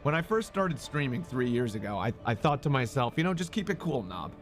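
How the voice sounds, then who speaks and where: A man live-streaming who talks loudly and excitably, swearing and greeting viewers in chat. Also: medium pitch, brisk, soft background music.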